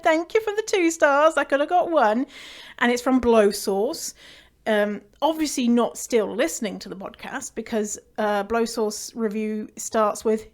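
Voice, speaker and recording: A woman with a slightly high voice hosts her podcast from home. She talks in a casual, chatty monologue, playful and upbeat, full of fillers and asides. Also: a little slow. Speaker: podcast host. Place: at home indoors.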